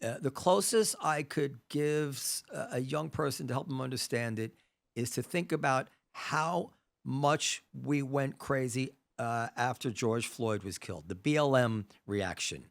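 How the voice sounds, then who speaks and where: A man hosting a casual conversational interview, animated, thinking aloud with frequent restarts. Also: medium pitch, a little slow, gravelly. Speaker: podcast host. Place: New York.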